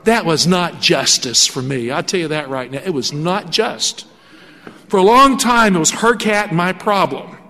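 Guy pastor telling a story in his sermon, acts out the voices, slightly high voice, big echoey church. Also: moderate pace. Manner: animated storytelling with acted-out quotes. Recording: long hall reverb.

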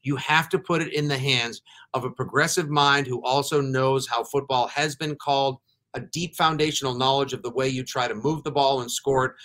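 Bright-voiced, energetic man hosting. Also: medium pitch. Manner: energetic, joking, riffing rants. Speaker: podcast host. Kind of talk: casual sports chat.

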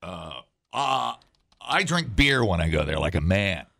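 Male radio co-host, gravelly, hugely expressive delivery, dry close-miked studio sound, prone to outbursts. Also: low voice, unhurried, no echo. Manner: animated, swings into loud outbursts, laughs often. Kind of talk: casual morning show banter.

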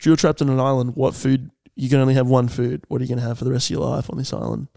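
A man's voice: mid-range voice, fairly even intonation, rapid-fire, creaky, dark tone. An Australian man co-hosting a podcast in casual chat, laughing often and swearing freely as he riffs. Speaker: podcast co-host.

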